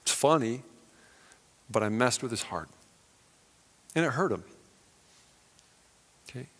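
A man's voice: mid-range voice, animated, takes it slowly, fairly bright tone, husky. Man preaching in a reverberant hall. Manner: conversational, self-deprecating storytelling with acted-out quotes. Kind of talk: sermon with storytelling.

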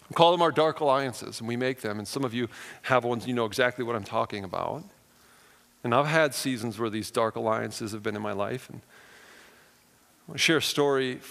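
A man's voice: medium pitch, a bit bright. A man, a pastor, preaching a sermon and telling personal stories in an earnest manner. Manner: earnest, personal storytelling with rising emphasis. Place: church sanctuary. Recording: long reverb of a church hall.

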